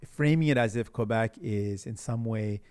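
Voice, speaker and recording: A man in his forties, a politician guest on a casual podcast, telling animated stories and laughing often. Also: lowish voice, moderate pace, smooth, no room sound, studio quality.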